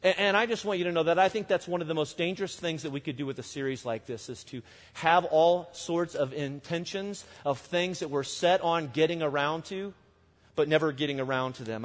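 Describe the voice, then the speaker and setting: A man preaching a sermon as pastor, in a conversational way full of "you know" and "I mean". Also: fairly high pitch. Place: church. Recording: long reverb of a church hall.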